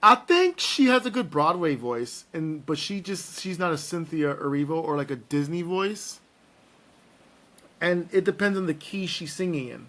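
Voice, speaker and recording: A man hosting a podcast in casual, playful chat, animated and joking. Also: a little high, moderate pace. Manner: playful, animated, breaks into singing and impressions. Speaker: podcast host.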